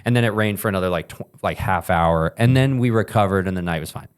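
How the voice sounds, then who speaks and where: A man co-hosting a podcast, telling a story in casual chat and acting out quotes in an animated way. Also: low-pitched, fast, clear, resonant tone. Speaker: podcast co-host.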